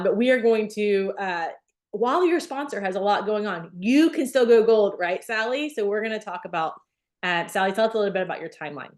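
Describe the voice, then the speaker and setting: A woman hosting a team video call at a middling pitch. She keeps things brisk and upbeat as she introduces the next speaker.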